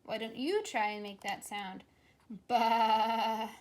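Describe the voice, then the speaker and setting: A woman teacher reading a picture book aloud to young children, gently coaxing them to repeat animal sounds. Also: mid-range voice, sing-song, normal speed.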